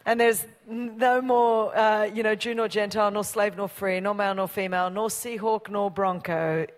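A woman's voice: medium pitch, steady tone, moderate pace. An Australian woman in her forties, a guest preacher who jokes and banters with the congregation in an exuberant way. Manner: exuberant and joking, banters with the crowd. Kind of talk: preaching a sermon. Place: large church auditorium. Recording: long reverb of a big hall.

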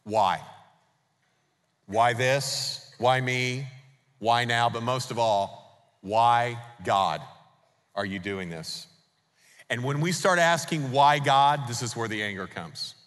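A man's voice: mid-range voice, takes it slowly, long pauses, fairly bright tone. Emphatic male pastor in a reverberant hall. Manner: emphatic, poses rhetorical questions to the congregation. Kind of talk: sermon. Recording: long reverb of a large hall.

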